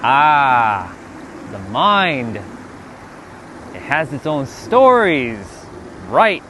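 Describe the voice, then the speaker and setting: A man in a casual spiritual monologue, animated and swearing, talking back to God in mock dialogue. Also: mid-range voice, extremely slow, slight background noise. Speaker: spiritual vlogger.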